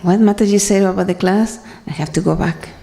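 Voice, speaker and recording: A woman giving an earnest, halting personal talk to a congregation, with many fillers and restarts. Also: mid-range voice, steady tone, gravelly, mellow, big-room sound. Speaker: speaker sharing at a devotional gathering.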